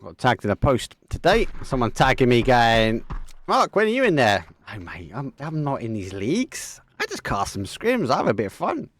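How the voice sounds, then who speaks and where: A young man with an Essex accent giving live esports game commentary, excitable, with quick bursts and casual slang. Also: mid-range voice. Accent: Essex English. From England, Essex. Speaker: esports caster.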